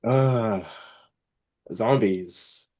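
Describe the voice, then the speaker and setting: A very deep-voiced man co-hosts a casual movie podcast. He hesitates with fillers, then rushes through his points in a fairly quiet voice. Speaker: podcast co-host.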